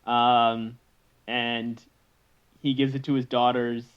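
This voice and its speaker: A man's voice: medium pitch, level tone, slow pace, clean tone. A man riffing on a podcast in loose, casual chat, laughing as he goes and sometimes slipping into goofy voices. His sound is a bit muffled and lo-fi. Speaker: podcast co-host. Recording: slightly dull lo-fi mic.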